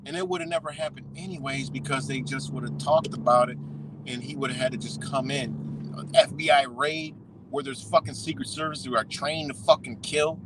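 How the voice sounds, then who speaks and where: A man's voice: mid-range voice, steady tone, a little fast, noisy background. A man hosting a livestream, ranting in a heated, profane, rambling way with scattered laughs. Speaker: livestream host. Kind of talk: profane casual rant.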